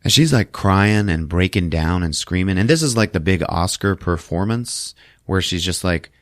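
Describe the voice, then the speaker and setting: A man hosting a podcast, recapping a film in a casual, profane, animated storytelling manner. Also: deep voice, normal speed, dry recording, studio quality. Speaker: podcast host.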